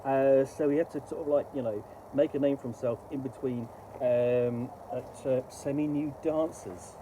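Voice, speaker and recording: Fields: homem, voz muito escura, hesitante. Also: male voice, medium pitch, steady tone, warm tone, slight background noise, rough recording. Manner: rambling and halting, trailing off. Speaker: book unboxing host. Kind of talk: casual unboxing commentary.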